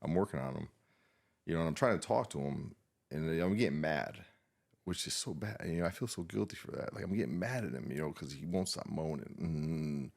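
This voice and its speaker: A man with an extremely deep, gravelly voice recounts a painful memory as a podcast guest. He speaks haltingly and sounds shaken and subdued, restarting his sentences, filling gaps with "you know" and swearing often. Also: expressive, a little mellow. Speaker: podcast guest, war veteran. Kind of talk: emotional personal storytelling.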